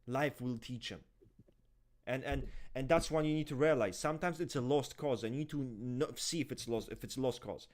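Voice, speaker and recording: A man in casual podcast talk, ranting and swearing heavily in an animated way. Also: medium pitch, a little fast. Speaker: podcast co-host. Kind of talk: heated casual discussion.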